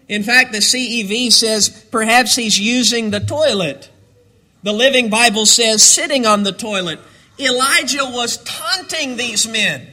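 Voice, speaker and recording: A man preaching a sermon, building to dramatic shouts and then dropping low. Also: unhurried.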